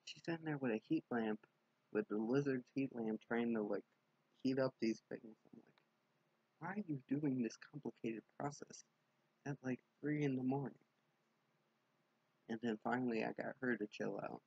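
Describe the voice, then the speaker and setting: A young man telling a rambling late-night vlog story, casual and sweary, in a dark room at home. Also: mid-range voice, normal speed, creaky, pauses often, slightly rough, no room sound, muffled recording. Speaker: vlogger.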